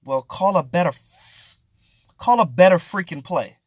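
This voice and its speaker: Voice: mid-range voice, lively intonation, unhurried, long pauses, breathy edge, no room sound. A sports vlogger ranting through casual, exasperated commentary, with slang and swearing, hammering points by repeating them.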